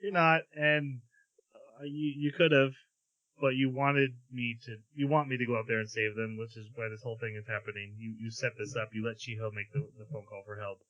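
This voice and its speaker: A man on a podcast walks through an episode, slipping into the characters' lines as he goes. His voice is bright and forward. The audio is dull and lo-fi. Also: medium pitch, brisk. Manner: animated retelling with quoted lines. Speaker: podcast co-host. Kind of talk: casual chat, recapping episodes.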